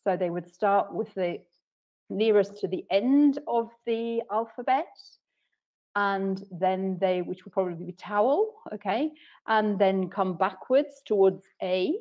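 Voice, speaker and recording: A woman leads an online session for English teachers, explaining step by step and checking in with frequent "okay"s. Her voice is mellow and relaxed. The sound is a little dull and lo-fi. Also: mid-range voice. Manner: patient, clear explaining with many "okay"s. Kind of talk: webinar teaching talk.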